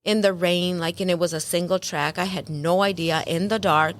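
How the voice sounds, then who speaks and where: A woman on a podcast telling running stories in casual chat, animated and full of "like", acting out quotes. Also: fairly low pitch, moderate pace, slight background noise. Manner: animated, acts out quotes, lots of "like". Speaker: podcast guest, ultrarunner.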